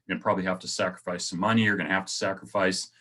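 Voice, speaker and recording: A man's voice: deep voice, flat delivery, racing, pushed and bright. A man hosting his own motivational video, talking casually to viewers and often calling them guys. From United States. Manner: conversational, repeats phrases, addresses viewers as guys. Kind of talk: casual motivational talk to camera.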